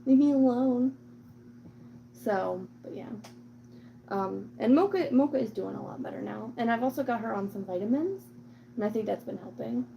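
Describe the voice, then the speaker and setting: A woman's voice: medium pitch, expressive, moderate pace, vocal fry, dull audio, slight background noise. A woman vlogging casually about her cat, rambling with lots of "like" and "um", and slipping into cooing baby talk with the cat. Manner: chatty, rambling, full of "like" and "um". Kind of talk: casual chat to camera.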